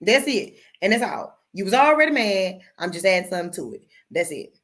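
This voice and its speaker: A woman's voice: medium pitch, big pitch swings, brisk, fairly bright tone. Woman, middle-aged, sassy, blunt, swears, casual live-stream talk, calls listeners baby. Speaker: tarot reader hosting a live stream.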